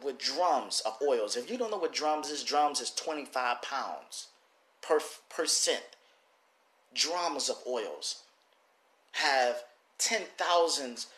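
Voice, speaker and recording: A man selling oils who gives an animated, casual motivational lesson, often repeating and restarting his phrases. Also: medium pitch, roomy sound. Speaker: oil seller teaching a lesson. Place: works in Detroit.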